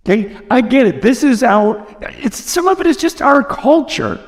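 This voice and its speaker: A man's voice: extremely high pitch, big pitch swings, moderate pace. An American man preaching a sermon, earnest and emphatic, often repeating phrases, recorded in a large church hall. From United States. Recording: long reverb from a large hall.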